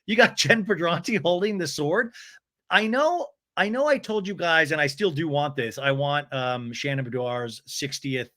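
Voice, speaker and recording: Man, podcast host, gossipy recap, lively swooping pitch, bright voice. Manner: animated, gossipy, switches into mocking voices. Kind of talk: comedic recap commentary.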